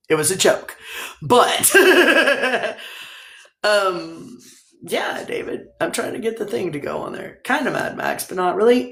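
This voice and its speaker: A woman's voice: on the low side, a bit bright. A woman hosting a casual livestream, rambling, laughing often and swearing casually. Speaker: livestream host. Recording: roomy echo.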